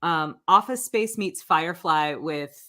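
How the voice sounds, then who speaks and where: A woman's voice: low voice, unhurried, pushed and bright. A woman hosting a casual livestream chat from home over a video call, chatty and giggly, with lots of fillers. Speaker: livestream host.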